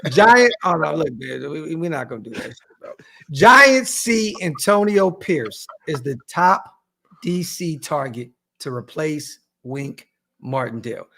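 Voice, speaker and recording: A man's voice: on the high side, big pitch swings, unhurried, vocal fry, sharp tone. A man hosting a podcast in casual chat, swearing and steering the topics. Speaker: podcast host.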